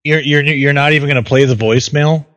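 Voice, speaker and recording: A man's voice: a little high, fairly even intonation, fairly bright tone. A man co-hosting a podcast, teasing the others playfully in casual banter. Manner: playful teasing, quick laughs. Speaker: podcast co-host.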